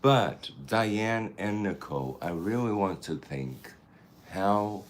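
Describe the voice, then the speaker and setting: A man's voice: on the low side, expressive, slow pace, a little hiss or hum. A man vlogging a get-ready-with-me routine, chatting in a campy, playful way. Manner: chatty, campy, talks to the camera and people nearby. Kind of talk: casual get-ready-with-me chat.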